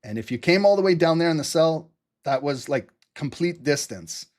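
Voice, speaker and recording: A man hosting a live trading stream, talking fast and excitedly, laughing often and swearing casually. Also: fairly high pitch. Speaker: livestream trading host.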